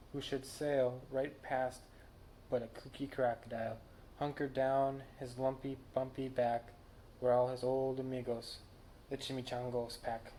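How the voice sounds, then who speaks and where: A young man reading a children's picture book aloud, with lively character voices and small stumbles. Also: medium pitch, slight background noise. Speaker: camp storyteller.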